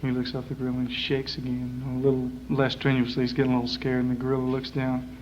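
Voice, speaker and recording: A man on a small club stage, telling a long shaggy joke in a loose, drawling way, with lots of pauses and fillers. His voice sits in a middle range. The recording is muffled and dull, like a 1960s live tape, with a faint hiss behind it. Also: medium pitch, completely flat delivery, darkish tone. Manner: casual, drawling, full of "uh" fillers. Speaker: performer telling jokes on stage.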